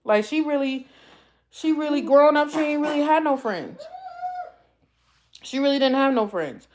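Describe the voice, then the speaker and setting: A woman's voice: high voice, expressive, moderate pace, a little mellow, a little hiss or hum. Heartfelt, rambling woman streamer from the East Coast. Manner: heartfelt, rambling, repeats herself. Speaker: YouTube livestream host. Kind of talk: casual livestream chat.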